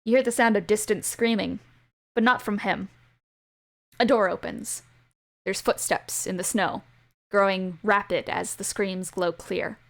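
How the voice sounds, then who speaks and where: A woman narrating a tabletop game as game master, in a hushed, atmospheric voice. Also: mid-range voice, steady tone, unhurried, gravelly, pauses often.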